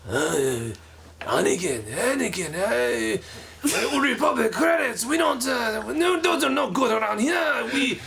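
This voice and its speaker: A man doing an impression of a greedy male alien junk dealer, haggling in a high, hesitant voice. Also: animated, a little slow, gravelly, over a noisy crowd, heavily acted.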